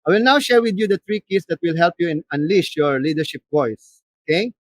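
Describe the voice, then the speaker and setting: An animated man with a Filipino accent leads a voice workshop, switching between English and Tagalog as he explains and demonstrates. His voice sits a bit high for a man and sounds dry and close, with little room sound. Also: a little fast, dry recording. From Philippines. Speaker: voice acting coach. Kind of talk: seminar lecture.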